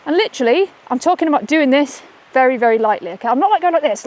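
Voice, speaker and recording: A woman's voice: sits high, expressive, fast talker, few pauses, a little mellow. Chatty woman training dogs outdoors. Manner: chatty, upbeat, keeps asking "okay?". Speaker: dog trainer. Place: outdoors on a walk. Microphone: camera she holds while walking.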